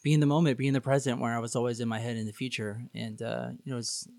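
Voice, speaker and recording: A man's voice: medium pitch, level tone, very fast, vocal fry, darkish tone, no room sound. A man, a podcast guest, telling his own story in a candid, sarcastic, rambling way with many fillers. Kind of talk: casual storytelling.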